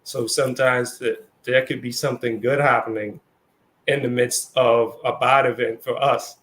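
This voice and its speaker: Man, casual co-host, chatty and loose, mid-pitched voice, many fillers. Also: little pitch movement, moderate pace, fairly bright tone. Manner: conversational, lots of fillers and acted-out quotes. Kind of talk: casual spiritual discussion.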